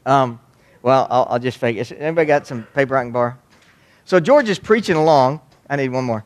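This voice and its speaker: A man's voice: medium pitch, brisk. A man from Waco, giving a humorous storytelling talk on youth ministry to an audience. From Waco, Texas. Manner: folksy, joking, animated.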